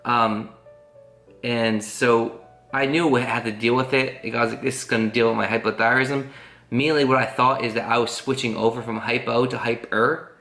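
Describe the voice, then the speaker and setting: A man's voice: medium pitch, steady tone, normal speed, sharp tone. A man telling a long personal story to camera in a casual vlog, rambling and earnest, full of fillers. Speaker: family vlogger. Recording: roomy echo with faint guitar music.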